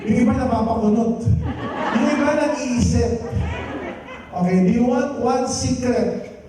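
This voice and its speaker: A man's voice: extremely high pitch, unhurried, a crowd in the background. A man with a Filipino accent giving a motivational stage speech, rallying his audience with call-and-response. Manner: rallying, call-and-response, mixes English and Tagalog. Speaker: company founder presenting to an audience. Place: large hall with live audience. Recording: roomy hall from far off.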